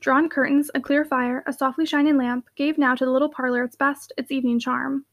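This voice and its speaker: A woman narrating a classic novel aloud with a clear, even reading. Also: high-pitched, fairly quick. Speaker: audiobook reader. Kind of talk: scripted narration.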